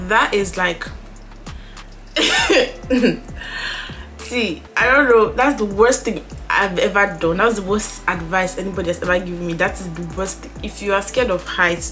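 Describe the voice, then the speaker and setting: A young woman telling a story in a casual, animated way while doing her makeup on camera, acting out the dialogue. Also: mid-range voice. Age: young adult. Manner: animated, dramatic retelling with quoted dialogue. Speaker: beauty vlogger.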